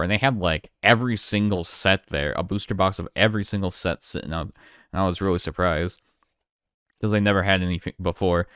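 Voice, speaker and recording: Lower-voiced man, smooth and clear, dry close sound, easygoing card-opening chatter. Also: dry recording. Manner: relaxed, chatty, thinking aloud with fillers and restarts. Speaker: card collector streamer. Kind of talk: casual unboxing commentary.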